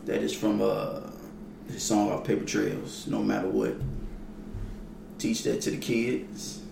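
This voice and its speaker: A man's voice: fairly low pitch, big pitch swings, takes it slowly, vocal fry. A laid-back man co-hosting a casual podcast, trading slangy banter and laughing often. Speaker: podcast co-host. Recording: echoey room with faint noise.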